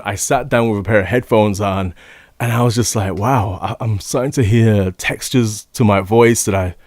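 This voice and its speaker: A young man chats enthusiastically and rambles while reviewing microphones in his home recording setup, speaking close into a large condenser studio mic. His mid-range voice is a little mellow, and there's no echo.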